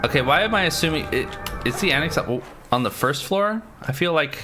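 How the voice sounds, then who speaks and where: A man's voice: on the high side, lively intonation, brisk, music in the background. A man casually commentating a game stream, chatty, swearing and answering his chat.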